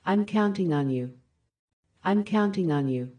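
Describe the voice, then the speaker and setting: Woman reading English phrases, mellow. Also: fairly low pitch, animated, a little slow. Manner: clear, careful, each phrase said twice. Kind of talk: slow repeated phrase reading for learners.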